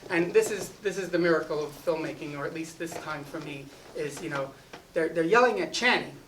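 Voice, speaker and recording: A man's voice: on the high side, a little fast, far from the mic. A man spins a loose, rambling story about his film shoot, peppering every sentence with filler and restarting his thoughts. He sounds set back from the mic, with a faint wash of ambient noise behind him. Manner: rambling, full of "you know" and restarts. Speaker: film director speaking at a festival. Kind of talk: casual anecdote storytelling. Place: festival event.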